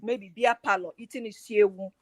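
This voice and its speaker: A middle-aged woman, a guest on a relationship talk show, telling lively stories and acting out bits of dialogue. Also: mid-range voice, moderate pace, no room sound. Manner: animated storytelling, acting out quoted dialogue. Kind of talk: casual chat.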